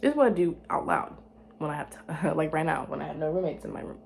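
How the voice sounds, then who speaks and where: A young woman in her room, chatting on her own in a loose, rambling monologue. Her voice sits a little low, and she turns playful and self-mocking as she repeats her phrases. A faint hiss runs underneath. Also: animated, fast talker, creaky, darkish tone. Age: young adult. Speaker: student vlogger.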